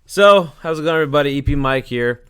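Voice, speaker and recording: A man's voice: fairly high pitch, lively intonation, fast, a bit bright, smooth, no echo, clean studio sound. A man rambling crudely through closing thoughts on a casual podcast, swearing and laughing as he goes. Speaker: podcast producer.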